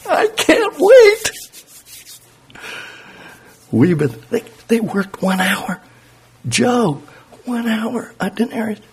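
A man voicing a resentful male laborer who worked all day, complaining indignantly in a husky voice. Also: high voice, animated, takes it slowly, pitched above the performer's own voice, full character voice.

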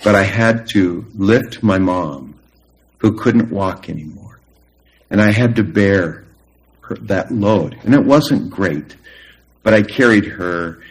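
A middle-aged man preaching a sermon, earnest and emphatic, with long pauses. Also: on the low side, low-quality recording. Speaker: pastor.

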